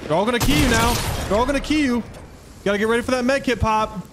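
A man hosting a game tournament, giving excitable, trash-talking live commentary that swings into yelling. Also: very high voice, fast. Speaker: gaming streamer and tournament host. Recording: noticeable background noise.

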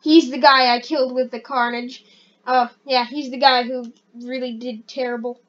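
A high-pitched woman chatters through her gameplay, rambling and excitable, often poking fun at herself. Her casual commentary comes through a dull, lo-fi mic. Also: moderate pace. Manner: rambling, excitable, self-deprecating. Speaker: gaming channel host.

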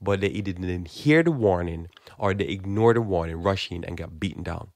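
A man's voice: low-pitched, normal speed, a little mellow, dry recording. A man giving a blunt, emphatic, informal sermon, often repeating words as he builds his point. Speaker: Christian preacher. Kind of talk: informal preaching monologue.

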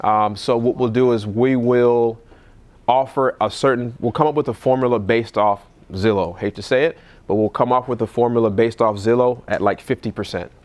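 A man, a real estate investor, giving casual seminar talk at a live event and acting out phone scripts in a lively voice. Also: normal speed. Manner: animated, acts out calls in a higher voice.

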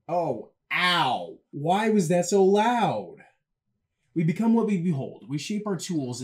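A young man giving casual, excitable let's-play commentary as a gaming channel host, reacting loudly as he plays. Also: a little high, slight background noise. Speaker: gaming YouTuber. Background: loud game music.

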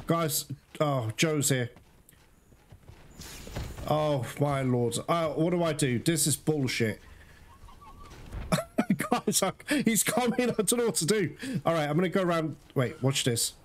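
A man's voice: fairly high pitch, expressive, measured pace, long pauses, slight background noise. A man commentating his own video game playthrough, frustrated and swearing as he plays. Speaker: gameplay commentator. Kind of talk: casual gameplay commentary. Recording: loud game music behind the voice.

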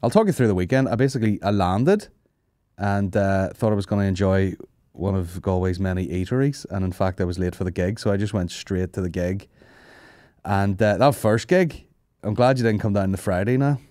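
A man's voice: low-pitched, a little fast, mellow, no room sound, studio quality. A man hosting a comedy podcast, telling rambling, sweary stories, laughing and mimicking people. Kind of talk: casual storytelling chat.

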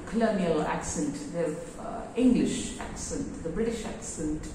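A woman English teacher giving a lesson in a classroom, halting with many fillers. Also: lowish voice, mellow, a little hiss or hum. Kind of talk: explanatory lesson. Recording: very echoey room, voice far from mic.

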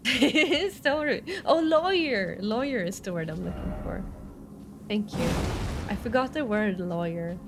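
A woman's voice: medium pitch, expressive, measured pace, vocal fry, music in the background. A young woman from Sweden with a Swedish accent, chatting playfully and sarcastically while streaming a game, English not her first language. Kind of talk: live gameplay commentary.

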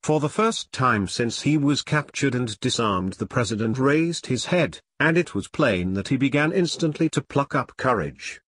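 A man narrating a classic audiobook in a measured, even manner. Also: mid-range voice, breathy edge, dry recording, studio quality. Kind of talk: scripted narration.

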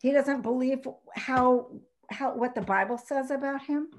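A woman's voice: sits high, a little slow. A woman in a casual Bible discussion, thoughtfully asking questions.

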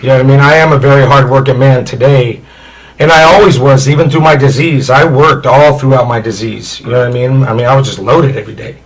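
A man's voice: mid-range voice, steady tone, quick pace, rough recording. A man from Indiana telling his life story as an interview guest, rambling and candid, with many "you know" fillers.

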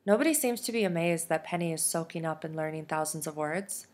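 A woman, a teacher, reading a novel aloud in soft, steady storytelling. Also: low-pitched, fairly quick. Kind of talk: audiobook narration.

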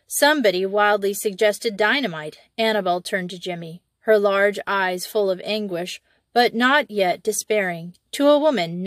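A woman's voice: medium pitch, dry recording. Woman reading a classic story aloud. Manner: steady storytelling with small slips. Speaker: audiobook reader.

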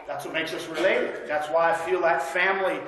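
A man's voice: on the high side, steady tone, brisk, a crowd in the background. A man preaching a sermon to a church congregation, telling stories in a folksy, conversational way and asking for amens. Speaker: guest preacher. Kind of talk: sermon with storytelling. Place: church sanctuary. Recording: very echoey church room.

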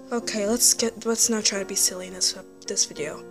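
A young female vlogger talking to camera, sighing often, halting and restarting her sentences. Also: mid-range voice, fairly even intonation, music in the background. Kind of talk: emotional vlog to camera.

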